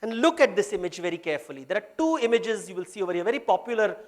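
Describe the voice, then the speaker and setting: A man with a high voice and an Indian English accent, lecturing at a workshop. He speaks in a storytelling way and often switches into Hindi phrases. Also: animated, rapid-fire. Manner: mixes Hindi phrases into English, retells myths.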